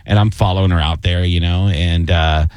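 A male comedian co-hosting a radio show, telling stories in a loose, animated way and swearing casually. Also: low voice, moderate pace, no room sound. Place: radio studio.

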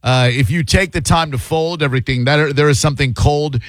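A man's voice: a little high, fairly quick, dry recording. A man hosting a radio talk show, riffing on his opinions in a casual, rambling way.

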